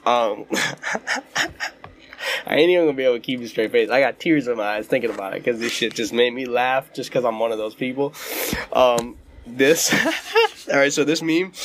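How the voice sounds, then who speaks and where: A man's voice: mid-range voice, moderate pace, a little hiss or hum. Young man hosting with constant laughs. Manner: laughs often, animated and joking. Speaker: podcast co-host. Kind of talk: casual chat, hosting a meme segment.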